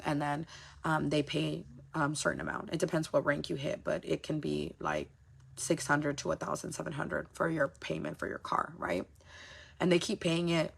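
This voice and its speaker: A woman's voice: on the low side, vocal fry, fairly bright tone, breathy edge. A young woman talking candidly on a livestream, rambling and emotional, swearing often as she tells her story. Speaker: social media livestreamer.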